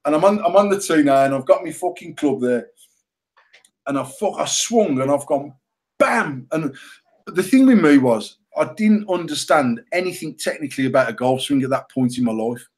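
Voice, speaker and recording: A man's voice: fairly high pitch, normal speed. Swearing British man telling stories. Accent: British English. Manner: heavy swearing, animated and self-mocking. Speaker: podcast co-host. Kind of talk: casual storytelling chat.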